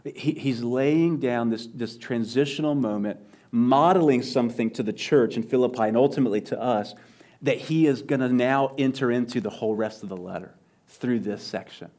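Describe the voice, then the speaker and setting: A male pastor preaching a sermon, swinging from loud emphatic lines to near-whispers and repeating phrases for emphasis. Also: mid-range voice, moderate pace.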